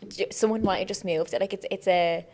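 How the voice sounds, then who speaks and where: A young woman co-hosting a casual podcast, telling funny stories in a lively way and acting out what people said. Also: medium pitch, a little fast. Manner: animated storyteller acting out quoted voices, fillers of "like". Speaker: podcast co-host. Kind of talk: casual chat.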